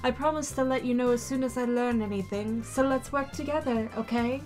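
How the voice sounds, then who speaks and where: A woman voicing a shy young woman who speaks in a soft, apologetic way. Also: fairly high pitch, fairly even intonation, fairly quick, soft background music, lightly acted. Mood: pleading.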